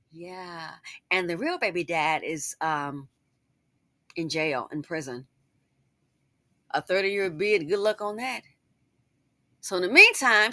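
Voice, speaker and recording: A woman speaks straight to her online audience in casual, sassy commentary, often dropping friendly asides. Her voice is bright and forward. The recording is close and dry. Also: fairly low pitch, dry recording. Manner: sassy, chatty, with asides to viewers.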